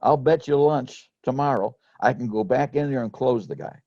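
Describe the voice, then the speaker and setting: A man's voice: medium pitch, normal speed, few pauses, mellow, no echo, muffled recording. A middle-aged man telling rambling, folksy stories about selling insurance, with lots of restarts. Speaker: former insurance sales manager telling sales stories. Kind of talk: casual storytelling chat.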